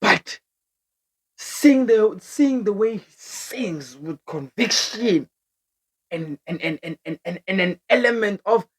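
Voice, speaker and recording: A young woman with a South African accent telling a story for her vlog in a casual, animated way, laughing often and switching languages mid-sentence. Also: medium pitch, slow, slightly rough. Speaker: vlogger.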